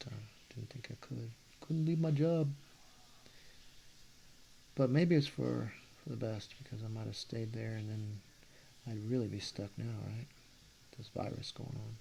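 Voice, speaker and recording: A man's voice: medium pitch, vocal fry, a little mellow, a little hiss or hum. A man in his forties from Texas with a Texas accent, talking casually in a meandering, self-correcting way on a vlog. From Texas, USA. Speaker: artist vlogger.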